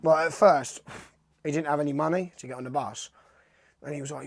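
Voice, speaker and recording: A young pro skateboarder tells rambling anecdotes in a casual storytelling interview, swearing freely. His voice is fairly high, gravelly and a bit quick, with faint music in the background.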